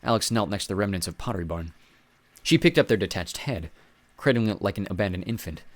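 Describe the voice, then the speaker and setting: A man's voice: fairly low pitch, animated, fast, no echo. A man reading a first-person adventure story aloud with dry, wry asides. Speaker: audiobook reader.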